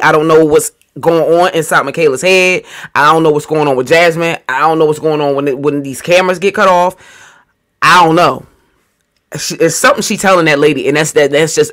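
A man hosting a casual reaction commentary, drawn-out and preachy as he calms things down. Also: a little high. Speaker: commentary show host.

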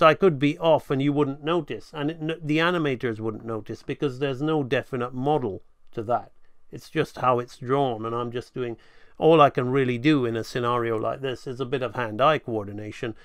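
A man's voice: mid-range voice, normal speed, no room sound, studio quality. A man giving a rambling live drawing tutorial, thinking aloud and correcting himself as he sketches at his home setup. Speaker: animation instructor.

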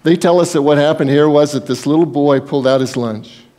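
A male pastor preaching a sermon emphatically, asking the congregation rhetorical questions and swinging between loud and hushed delivery. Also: on the high side, brisk.

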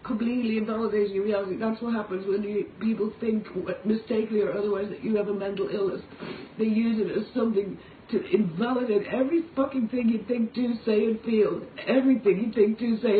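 A woman's voice: mid-range voice, fairly even intonation, fast talker. Irish woman, confessional monologue, raw, swearing, pleading; distant, roomy phone audio. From Ireland. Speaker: singer making a personal video. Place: motel room. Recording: echoey, distant, tinny phone-like audio with faint noise.

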